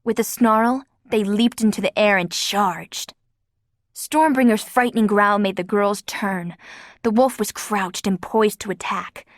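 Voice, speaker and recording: A woman's voice: medium pitch, a little slow. A woman narrating an audiobook with a vivid, dramatic reading. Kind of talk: scripted narration.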